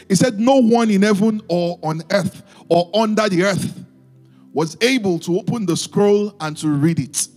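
A man's voice: high voice, moderate pace, a little mellow, soft background music. A man preaching a fervent sermon, reading scripture and calling on the congregation to respond.

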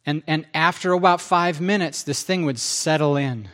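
Guy preaching his testimony, animated, keeps cutting himself off, kinda high voice. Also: normal speed. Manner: animated, self-interrupting, acts out quotes. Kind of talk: testimony storytelling.

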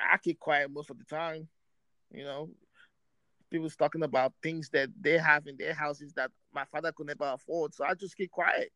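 A man hosting a podcast, telling a story casually in streetwise slang, animated, raising his voice for quoted friends. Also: a little high, dry recording, rough recording. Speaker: podcast host.

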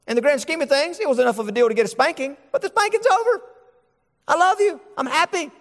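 A male pastor preaching a sermon, animated and acting out the voices he quotes. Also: on the high side, big-room sound.

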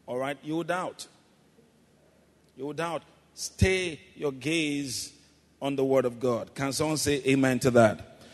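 A man preaching a sermon, calling the congregation to repeat his words and building to loud, shouted exclamations. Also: mid-range voice. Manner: calls congregation to repeat after him, rising to shouts. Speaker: pastor. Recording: long hall reverb.

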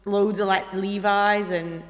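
A young woman from the North of England banters bluntly and teases her co-host on a podcast. Her voice sits at a middle pitch. The room rings with a long reverb. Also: flat delivery, takes it slowly. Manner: teasing, laughing, blunt banter. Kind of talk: casual chat.

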